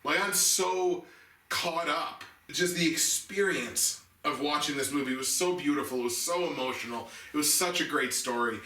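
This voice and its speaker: A man co-hosting a casual movie chat, excitable and laughing, with many restarts. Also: fairly high pitch, moderate pace, roomy sound, distant mic, poor audio. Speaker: podcast co-host ranking movies.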